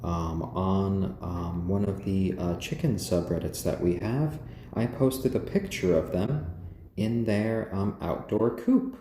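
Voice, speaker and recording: A man hosting a casual home live stream, gently cooing to his pet chickens and chatting with viewers. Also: sits low, slow, reverberant, a little hiss or hum. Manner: chatty, answers viewers' comments.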